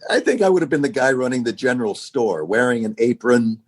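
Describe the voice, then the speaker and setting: A man in his sixties, a podcast guest, telling stories in an easy, rambling way with plenty of restarts. His voice has a husky, slightly breathy grain at an ordinary male pitch. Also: brisk. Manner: relaxed, anecdotal, with many restarts. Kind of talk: casual storytelling interview.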